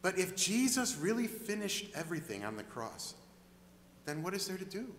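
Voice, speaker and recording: A man's voice: a little high, a bit bright, a little hiss or hum. A male pastor preaching a sermon in a conversational way, acting out the scenes he describes, in an echoey hall. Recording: echoey hall with long reverb.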